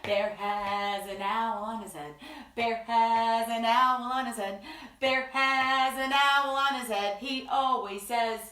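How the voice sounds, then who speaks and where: Playful story-time woman, high and roomy. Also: steady tone, takes it slowly, sharp tone, far from the mic. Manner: playful, bubbly, talks to young children. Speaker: children's story time host.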